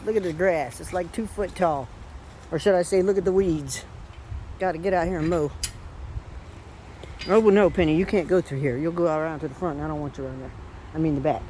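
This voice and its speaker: Walking around her homestead yard after a storm with a handheld camera, a woman chats casually in a low, brisk, slightly mellow voice and talks to her animals along the way. It's a walk-and-talk vlog, and the outdoor recording is noisy.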